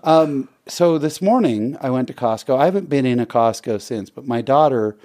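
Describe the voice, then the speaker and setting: A middle-aged man hosting a talk show, telling stories in a lively, joking way and laughing often. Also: medium pitch, normal speed. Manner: animated storyteller, laughs often. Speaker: radio show host. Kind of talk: casual talk-show chat.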